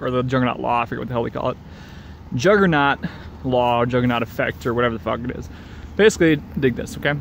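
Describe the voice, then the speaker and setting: A man's voice: mid-range voice, creaky, slight background noise. A man talking in a rambling, profane casual rant, repeating himself and chuckling between sentences.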